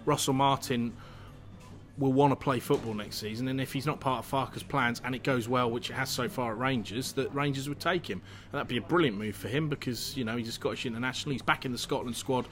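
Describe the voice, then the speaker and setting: A man who works in local radio, a guest chatting about football in a pub, animated and full of restarts. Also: medium pitch, fast, faint music behind. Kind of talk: casual panel chat.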